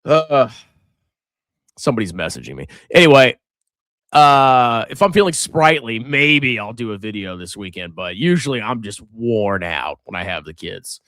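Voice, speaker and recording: In a medium-pitched, very animated and fairly bright voice at a moderate pace, a middle-aged man hosts a finance livestream. He reads superchats casually and sarcastically, mocking viewers and putting on silly voices, in a dry, studio-quality recording.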